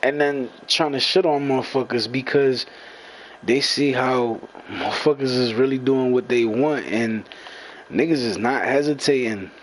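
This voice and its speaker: A man's voice: medium pitch, measured pace, slight background noise, low-quality recording. A young man in an angry, profane rant, repeating himself and confronting the people talking about him. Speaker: gamer venting to followers.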